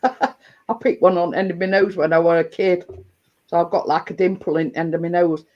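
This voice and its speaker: With the highs cut off in the audio, a woman speaks at normal speed in a lowish voice with fairly even intonation. She hosts a casual livestream, rambling to viewers with frequent fillers and restarts.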